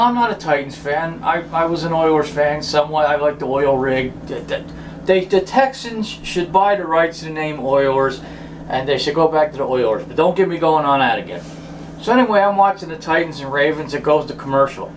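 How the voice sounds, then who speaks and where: High-voiced man on a profane rant. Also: expressive, moderate pace. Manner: exasperated, swears constantly, mock-outraged. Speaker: vlogger ranting about football. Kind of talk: profane comic rant to camera. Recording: distant mic with faint background noise.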